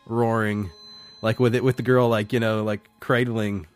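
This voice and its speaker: A man co-hosting a podcast, chatting casually about a film, animated and quick to laugh and swear. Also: on the low side, faint music behind. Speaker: podcast co-host.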